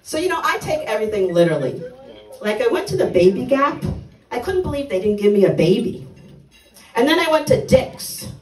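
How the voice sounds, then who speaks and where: An older woman doing a stand-up comedy set on a club stage, delivering blunt, dark one-liners with punchy timing. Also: a little high, very animated, a little fast, reverberant, recorded from a distance, soft background music, a faint crowd, rough recording.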